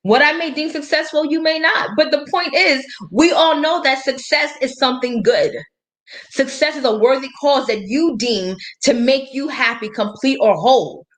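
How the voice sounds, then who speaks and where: Emphatic, fairly high-voiced woman coach. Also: moderate pace. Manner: emphatic, preachy, quotes scripture, laughs between points. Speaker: life and business coach. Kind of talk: motivational live-stream talk.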